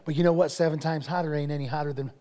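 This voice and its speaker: A man's voice: fairly high pitch, steady tone, rapid-fire, darkish tone. A male pastor preaching a sermon, telling stories with energy and often repeating his phrases.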